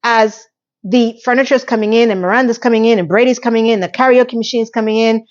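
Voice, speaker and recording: A woman's voice: a little high, steady tone, fast talker. A woman vlogger recapping a TV episode in casual chat, sarcastic and chatty, with the odd curse word. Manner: sarcastic, chatty, occasional cursing. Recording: slightly muffled lo-fi audio.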